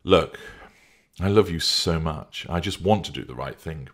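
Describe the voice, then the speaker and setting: In an audiobook reading, a man with a low, slightly bright voice speaks a little slowly as he voices an anxious man desperate to keep his partner, sounding pleading and defensive.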